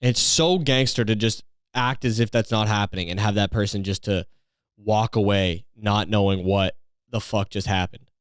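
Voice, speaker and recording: A man's voice: fairly low pitch, steady tone, normal speed, smooth, dry recording. A man hosting a solo podcast, rambling through a story in a profane, incredulous way on a close mic. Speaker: podcast host.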